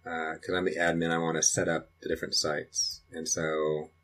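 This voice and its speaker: A man's voice: rumbling low, flat delivery, moderate pace, a bit bright. A middle-aged man walking through a computer setup at home, thinking aloud and rambling with restarts. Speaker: dad recording a computer tutorial. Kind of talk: casual screen-recording walkthrough. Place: home in Colorado.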